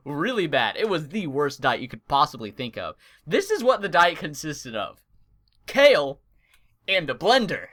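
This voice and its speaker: A young man hosting a vlog, telling a funny story in an animated, comic way. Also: mid-range voice, moderate pace. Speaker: gaming channel host.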